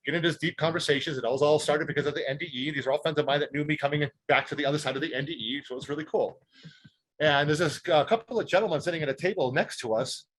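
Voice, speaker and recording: Fast-talking husky man. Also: a little high. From Detroit, United States. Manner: animated, emphatic, repeats words when excited. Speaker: guest speaker. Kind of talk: personal storytelling in an interview.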